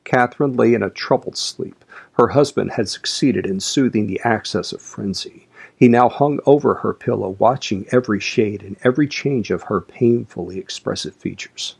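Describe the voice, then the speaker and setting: A man reading a classic novel aloud as audiobook narration, in a measured, slow, even delivery. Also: on the low side, gravelly, breathy edge. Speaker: audiobook reader.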